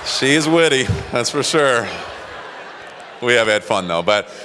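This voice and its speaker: A man giving a joking, animated motivational talk on stage, laughing at his own stories. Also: medium pitch, takes it slowly, soft background music, some chatter behind. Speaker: speaker at a business convention. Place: stage in a large venue. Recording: large hall with reverb and audience.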